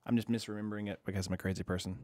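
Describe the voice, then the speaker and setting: A man's voice: lowish voice, fairly even intonation, very fast, darkish tone, no room sound. A young man casually commenting while he streams an online card game, chatty and self-deprecating, reading viewers' chat aloud.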